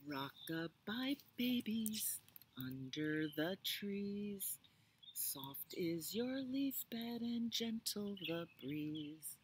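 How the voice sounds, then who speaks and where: A woman singing a slow lullaby as a gentle mother wolf. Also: medium pitch, lively intonation, slight background noise, voice pushed up. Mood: tender. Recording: outdoors with loud birdsong.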